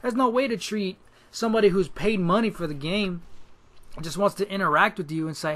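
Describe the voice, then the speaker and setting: A man's voice: high-pitched, brisk, a bit bright. A young man in a casual, profane rant to his viewers about a fighting game, frustrated and full of restarts. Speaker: gaming YouTuber. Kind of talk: casual ranting commentary.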